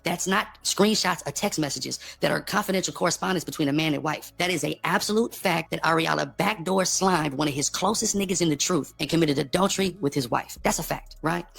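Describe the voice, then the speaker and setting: A man's voice: on the high side, gravelly, fairly bright tone. A man giving an emphatic, repetitive unscripted monologue in his own defense, asking rhetorical questions and reading scripture. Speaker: preacher defending himself.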